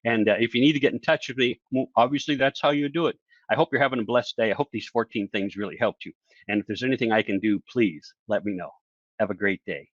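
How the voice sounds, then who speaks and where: Animated man coaching presenters. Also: lowish voice, fast, lo-fi sound. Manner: animated, acts out quoted voices, asks listeners questions. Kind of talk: energetic online presentation.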